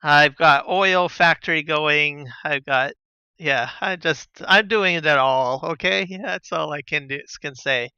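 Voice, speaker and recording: A man chatting casually on a live gaming stream, relaxed and rambling with lots of fillers and soft chuckles, on a slightly dull lo-fi mic. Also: a little high, slow, clean tone, dry recording. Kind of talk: casual live-stream chat while playing.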